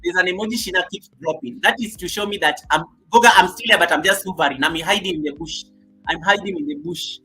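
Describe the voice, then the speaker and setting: A man's voice: high voice, lively intonation, fast talker, bright, forceful tone, soft background music, poor audio. A man hosting a casual livestream, chatty and repetitive, greeting viewers one by one by name. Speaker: livestream host.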